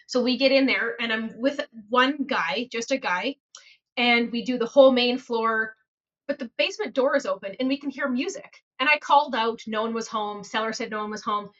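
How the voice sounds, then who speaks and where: A woman hosting a podcast about real estate, telling stories in an animated, laughing, repetitive way. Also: fairly high pitch, normal speed, lo-fi sound. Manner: animated, laughing, repeats phrases for emphasis. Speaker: podcast host and realtor. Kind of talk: casual storytelling chat.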